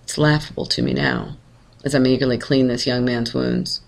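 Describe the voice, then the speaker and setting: A man calmly reading a first-person short story aloud in a measured way. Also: mid-range voice, gravelly. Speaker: narrator.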